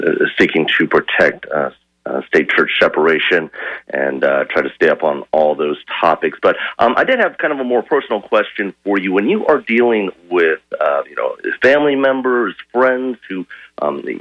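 A man's voice: low voice, highs cut off. A man calling into a radio show, polite and hesitant with many fillers while asking his question. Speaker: caller. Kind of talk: call-in question.

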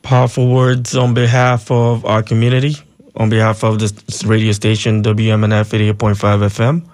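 A man hosting a call-in radio show, reading out listener texts and taking calls, relaxed and loose with frequent ums. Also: on the low side, normal speed. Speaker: radio talk show host.

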